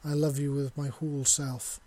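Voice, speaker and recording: A man voicing a tender male scaly clawed creature, speaking softly and with heartfelt devotion in a husky voice. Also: medium pitch, flat delivery, moderate pace, close to an everyday voice. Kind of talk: audio story reading.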